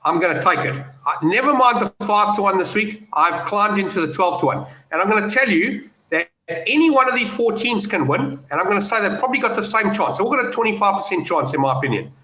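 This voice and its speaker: A man's voice: sits high, fast, few pauses. A man giving confident betting views and telling stories in a casual panel chat over a video call. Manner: animated, storytelling, confident. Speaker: betting pundit. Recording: roomy, dull lo-fi call audio.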